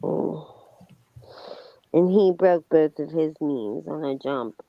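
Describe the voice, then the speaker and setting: Slow gravelly man on a muffled line. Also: fairly high pitch, dry recording. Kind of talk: casual chat.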